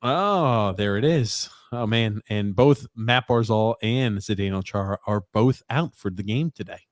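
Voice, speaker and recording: A man hosting a sports podcast and reacting to a live game in casual chat, animated and teasing his co-host. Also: lowish voice, dry recording, clean studio sound. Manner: animated, teasing, quick to laugh. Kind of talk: casual sports commentary while watching a game.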